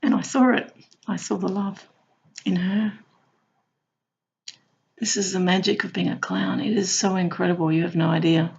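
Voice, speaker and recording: A woman who works as a hospital clown tells her stories playfully, now and then jumping into high squeals. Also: little pitch movement, normal speed, gravelly, long pauses, lo-fi sound. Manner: warm, playful, bursts into high squeals when acting out clowning. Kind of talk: personal storytelling.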